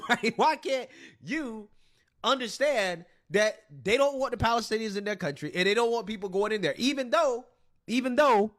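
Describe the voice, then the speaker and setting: A man's voice: high voice, fairly bright tone. A man hosting a reaction commentary, blunt and swearing freely, laughing between phrases. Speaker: commentary channel host.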